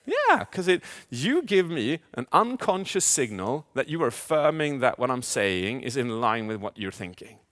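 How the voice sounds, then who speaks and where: A man speaking as a communication coach in a live keynote, animated, asking the audience questions and acting out inner voices. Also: a little high, moderate pace. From Sweden. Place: large event hall. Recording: long hall reverb.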